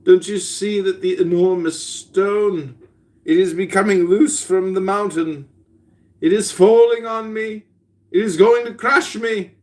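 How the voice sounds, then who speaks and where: A man's voice: sits high, steady tone, a little slow, pitched above the performer's own voice. A man voicing a terrified sleeper crying out from a nightmare, read aloud from a story. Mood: panicked.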